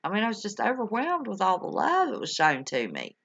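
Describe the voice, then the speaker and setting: An older woman hosts a livestream, chatting casually with her live viewers in a folksy, affectionate way and calling them honey and y'all. Her mid-range voice swoops wildly in pitch, with a brisk pace, creaky texture and fairly bright tone. The home stream audio is dull and lo-fi.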